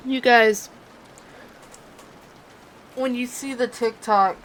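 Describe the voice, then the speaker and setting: A woman's voice: a little high, steady tone, very slow, long pauses, slight background noise, low-quality recording. A young woman with a Californian accent that slips into a southern drawl, giving a chatty, self-mocking tarot reading. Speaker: tarot reader. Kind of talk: casual tarot reading chat.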